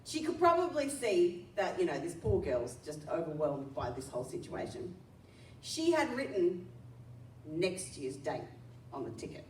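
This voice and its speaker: A woman's voice: on the low side, very animated, unhurried, a little mellow, slight background noise. A young woman preaching, telling a personal story in a chatty, self-deprecating way with frequent laughs. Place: church hall. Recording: echoey hall, mic at a distance.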